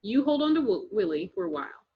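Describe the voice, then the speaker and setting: A woman's voice: mid-range voice, big pitch swings, close to an everyday voice. A woman voicing a responsible young girl who urges her sister and friend along. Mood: urging. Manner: urging, brisk. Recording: dull lo-fi recording.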